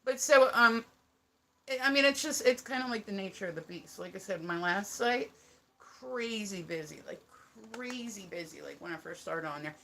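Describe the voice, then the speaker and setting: Chatty New Jersey woman, bright voice. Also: medium pitch, animated, normal speed, creaky. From United States. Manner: chatty, rambling, laughs often, swears casually. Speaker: live streamer. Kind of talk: casual livestream chat. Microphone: phone.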